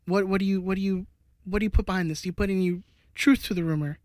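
A man with a high, light voice hosts a casual sports podcast, teasing his co-hosts and reading out viewer comments. The sound is dry and close, with no room echo. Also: steady tone, fast, darkish tone. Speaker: podcast host.

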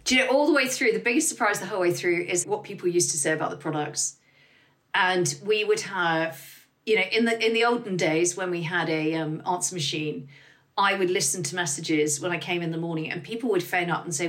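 A middle-aged woman talks frankly and with energy as a podcast guest, dropping the odd swear word. Her voice sits a little low for a woman. She tells stories with animation. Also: brisk. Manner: candid, lively, swears freely. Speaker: guest, business founder. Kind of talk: casual interview talk.

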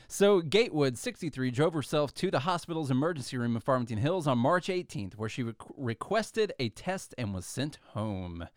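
A man's voice: medium pitch, big pitch swings, moderate pace, few pauses, dry recording, clean studio sound. A man hosting a talk show, reading news articles aloud and adding sarcastic comments in casual commentary.

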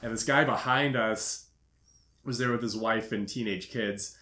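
A man's voice: fairly low pitch, fairly even intonation, unhurried, pushed and bright. A man hosting a podcast, telling a story in casual chat and laughing often. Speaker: podcast host. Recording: echoey room.

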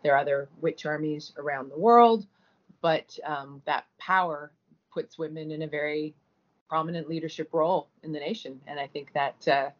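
A woman from Vancouver, an actress guest in an interview, answering in a measured, articulate way. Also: low-pitched, muffled recording. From Vancouver, British Columbia.

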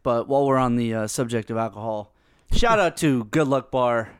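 A man co-hosting a podcast, laid-back and halting, with many fillers. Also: medium pitch, clear, resonant tone, no echo, studio quality. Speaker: podcast co-host. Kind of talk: casual chat.

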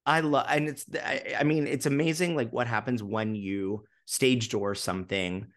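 A young man, a theatre producer, telling stories in a casual interview in an animated, gushing way, with many fillers and restarts. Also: mid-range voice, moderate pace.

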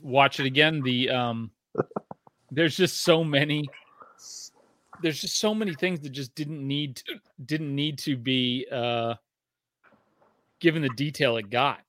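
A man's voice: medium pitch, a little slow, long pauses, a bit bright, no echo. A man co-hosting a casual podcast from his garage, rambling and swearing casually as he trails off and restarts. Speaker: podcast co-host. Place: home garage.

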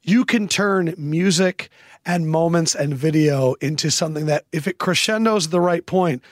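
Male podcast host, higher register, rambling anecdotal delivery, dry close studio sound. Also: normal speed, no echo. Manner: rambling storyteller who acts out quotes. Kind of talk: casual chat.

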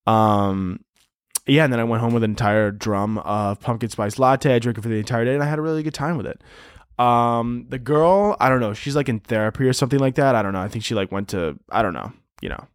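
A man's voice: mid-range voice, fast talker, smooth, dry recording, studio quality. A man hosting a comedy podcast, ranting in a crude, over-the-top, absurd way and saying "dude" a lot. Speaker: podcast host. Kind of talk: comedic solo podcast rant.

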